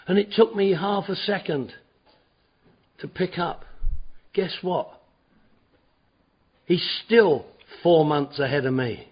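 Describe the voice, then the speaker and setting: A middle-aged man giving an animated personal talk at a recovery meeting, acting out his old self in his stories. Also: on the high side, slow, long pauses, breathy edge. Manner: animated storytelling, acts out his own past shouting. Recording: dull lo-fi recording.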